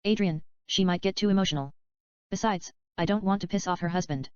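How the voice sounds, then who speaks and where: A woman reading the part of a chatty, dreamy male screenwriter in a plain, even voice. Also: fairly low pitch, brisk, clear, resonant tone, dry recording, lightly acted. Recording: dull, slightly lo-fi dry recording.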